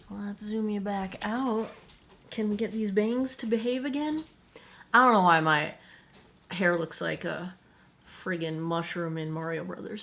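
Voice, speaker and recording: Woman in her forties, beauty vlogger, casual get-ready-with-me chat, candid and self-deprecating, mid-pitched voice. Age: 40s.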